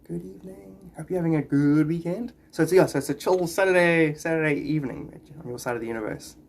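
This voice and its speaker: A man's voice: fairly high pitch, fast. A man livestreaming casually, chatting in a rambling way and greeting viewers by name.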